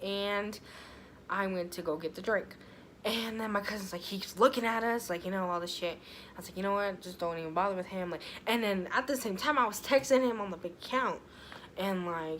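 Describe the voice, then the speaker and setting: Young woman, vlogger, casual storytime, filler-heavy, swears a lot, mid-pitched voice. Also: a bit bright, slight background noise.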